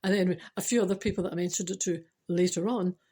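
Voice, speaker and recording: Older Scottish woman, vlogger: mellow husky tone, chatty storyteller with earnest spiritual asides. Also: lowish voice, racing. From Scotland. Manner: chatty, laughing, animated storytelling. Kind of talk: casual storytelling to camera.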